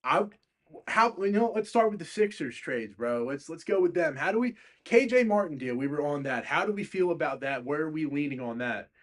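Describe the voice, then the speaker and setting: Man, young adult, casual stream host, very lively pitch, profane, rambling. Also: a little fast. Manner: swears a lot, rambling, gets heated and loud. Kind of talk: casual livestream talk about basketball trades.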